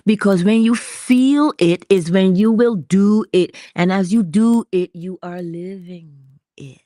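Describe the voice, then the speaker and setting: A woman hosting an inspirational livestream, talking slowly and intimately, dropping into whispers at times and greeting viewers in the chat. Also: medium pitch, warm tone, no echo, studio quality. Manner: slow, intimate, drops into whispers. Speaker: motivational livestream host.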